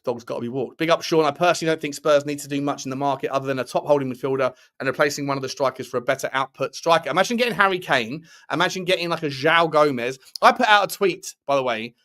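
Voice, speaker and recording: A man's voice: medium pitch, fairly bright tone. A man hosting a casual football live stream, reading out chat messages and giving rambling, opinionated takes. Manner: chatty, opinionated, rambling with restarts.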